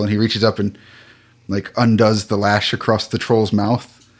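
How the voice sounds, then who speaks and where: A man narrating as game master of a tabletop game, relaxed and hesitant with many fillers. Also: fairly low pitch, unhurried.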